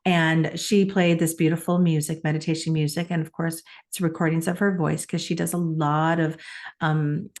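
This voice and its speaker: A middle-aged woman with a slightly low voice tells a personal story in an earnest, reflective way. She co-hosts a conversational podcast and often laughs between emotional moments. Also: little pitch movement, moderate pace, darkish tone. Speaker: podcast co-host.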